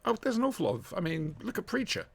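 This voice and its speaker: A man hosts a casual podcast chat, his pitch swinging widely as he talks. He is jokey and rambling, cracking asides between points. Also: sing-song, fast talker, gravelly, husky. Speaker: podcast host.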